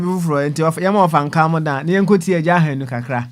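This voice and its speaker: A Ghanaian man hosts a call-in radio show, passing the line from one caller to the next. His voice sits slightly high, and he fills his pauses with soft hesitations. He speaks calmly and moves the show along. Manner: calm, hesitant, many fillers. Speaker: radio host.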